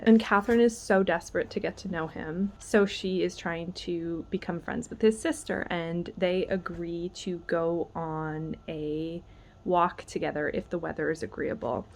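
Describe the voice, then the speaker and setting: A woman with a fairly low voice, over slight background noise, chats casually in a book vlog about what she's reading. She gushes and chatters, saying "like" a lot.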